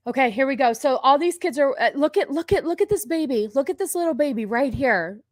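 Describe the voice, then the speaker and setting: A woman's voice: high voice, animated, brisk, few pauses, no room sound, studio quality. Ranting woman in her forties. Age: 40s. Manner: sarcastic, profane, ranting. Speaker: streamer host. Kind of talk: live-stream commentary on videos.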